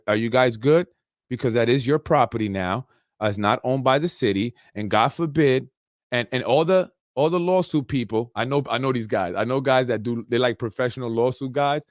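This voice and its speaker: A man's voice: mid-range voice, no echo. A man hosts an unfiltered political talk show and rants off the cuff, circling back to his points with plenty of "you know" and sarcastic jabs. His voice sits in a middle range and sounds dry and close, with no room around it. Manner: ranting, repetitive, sarcastic asides, lots of "you know". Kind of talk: unscripted political rant. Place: Yonkers, New York.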